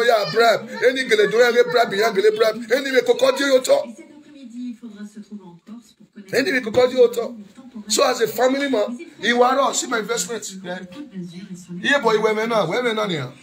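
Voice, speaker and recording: A man in an emotional monologue, switching between shouting, pleading apologies and snatches of song, with Pidgin mixed in. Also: extremely high pitch. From Nigeria. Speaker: social media commentator. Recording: faint music behind.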